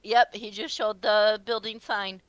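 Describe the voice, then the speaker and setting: A woman's voice: medium pitch, fairly even intonation, measured pace. A woman co-hosting a stream in casual chat, chatty and giggly.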